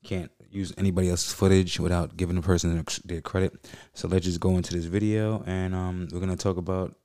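A man's voice: sits low, level tone, a little fast, warm tone. A man hosting a podcast, reacting to clips in casual, slangy, profane talk. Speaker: podcast host.

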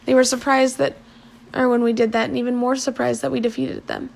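A woman reading the lines of a stern, bitter old island chief in a grave, measured, slightly hushed voice, her own voice high and a little gravelly. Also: flat delivery, full character voice.

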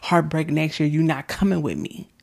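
A woman's voice: low voice, normal speed, vocal fry, a little mellow. A woman preaching a motivational sermon and leading a prayer, fervent and exhorting, sometimes dropping to an intimate whisper. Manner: calls listeners "baby", leads them in prayer.

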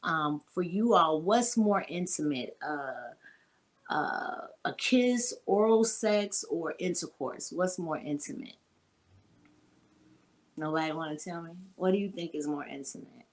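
A woman's voice: deep voice, lively intonation, a little slow. A woman hosting a podcast, talking bluntly and explicitly and quizzing her listeners. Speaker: podcast host. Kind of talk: casual frank talk with listeners.

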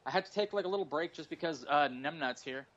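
A man in his forties rambles through profane, jokey stories in casual podcast chat. His voice sits a little high for a man. The recording is dull and lo-fi, like call audio. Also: fast talker, fairly bright tone, slight background noise. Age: 40s. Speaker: stand-up comedian and guest.

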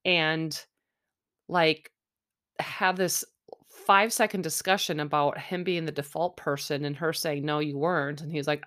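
A woman's voice: fairly low pitch, expressive, normal speed, fairly bright tone. A young woman recapping a reality dating show in a chatty, sarcastic way, often mimicking people. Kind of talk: casual recap chat.

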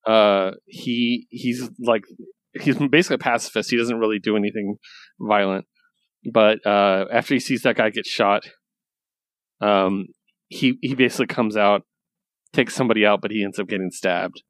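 Man, casual podcast co-host, low voice, rambling and excited, swears freely, dry close sound. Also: moderate pace, dry recording. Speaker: podcast co-host reviewing comics. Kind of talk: casual chat.

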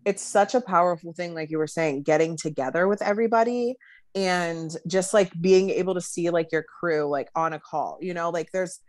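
Here a young female podcast co-host chats casually, her loose talk peppered with "like" and "you know." She speaks at normal speed in a fairly low pitch, and there's no room sound.

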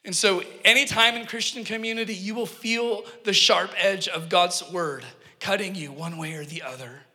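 A man preaching with a high, ringing voice, earnest and emphatic, and he often turns to the congregation with a joke. The sound carries a long reverb from a church hall. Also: normal speed, bright, forceful tone. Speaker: pastor. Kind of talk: sermon with personal storytelling.

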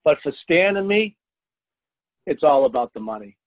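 A man, a fishing charter captain, telling a story in a casual interview, animated and loud at the high points. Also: moderate pace, breathy edge, no echo. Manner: animated, jumps to loud exclaims when retelling. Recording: dry tinny phone line.

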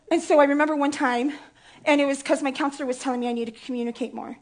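A woman's voice: sits high, steady tone, fast talker. A woman in her thirties preaching a sermon, candid and playful, telling a personal story with emotion.

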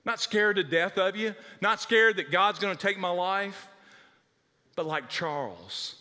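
A male pastor preaching a sermon with animated, dramatic storytelling. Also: high-pitched, unhurried, in a large hall.

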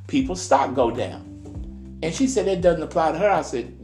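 A man's voice: on the high side, expressive, darkish tone, echoey room, faint music behind. A man co-hosting a podcast who vents in a heated, emphatic way, cursing and stretching out his words for stress. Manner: heated, cussing, drawn-out emphatic delivery. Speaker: podcast co-host. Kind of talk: casual podcast chat, ranting.

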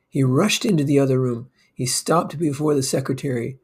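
A man reading a story aloud in a slow, measured way. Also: medium pitch, slightly rough. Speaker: narrator.

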